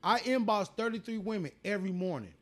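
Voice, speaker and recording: Schnell redender, lauter Mann mit hoher Stimme. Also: male voice, high voice, animated, fast. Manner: loud, boastful, repeats himself for emphasis. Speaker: podcast co-host. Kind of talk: crude casual banter.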